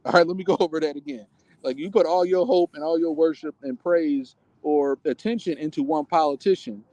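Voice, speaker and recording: A man's voice: on the high side, fairly quick, a little mellow, no echo. A man co-hosting a political podcast, talking in a loose, rambling, jokey way. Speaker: podcast co-host. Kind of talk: casual political chat.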